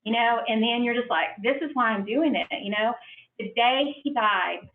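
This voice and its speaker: A middle-aged franchise owner gives an earnest, emotional personal testimony at a business conference, acting out the quoted lines in her story. Her voice is fairly high, at normal speed, heard from far off in a roomy hall with a narrow, phone-like sound and faint hiss.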